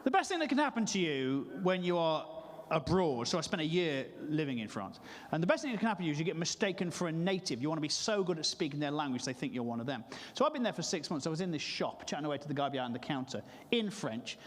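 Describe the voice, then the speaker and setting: Male stand-up comic, fairly high voice, chatty and teasing, echoing church hall. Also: big pitch swings. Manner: chatty, teasing the audience, with quick asides. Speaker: stand-up comedian. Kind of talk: live stand-up comedy. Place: church hall, live show. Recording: long hall reverb.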